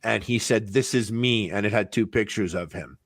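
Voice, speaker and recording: A man speaking as a podcast guest, in halting, hesitant casual talk. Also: fairly low pitch, no room sound, studio quality.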